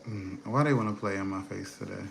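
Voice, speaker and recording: A man's voice: on the low side, a little fast, creaky, a bit bright, slight background noise. A man hosting a casual livestream from his kitchen at home, rambling easily while he reads the chat and browses on his computer. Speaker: livestream host. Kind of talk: casual live-stream chat.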